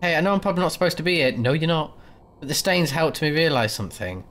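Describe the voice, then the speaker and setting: A man's voice: on the high side, animated, quick pace, a bit bright. A man voicing an erratic, obsessive male drifter in a horror game, pleading one moment and snapping the next. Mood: unhinged. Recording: mains hum behind.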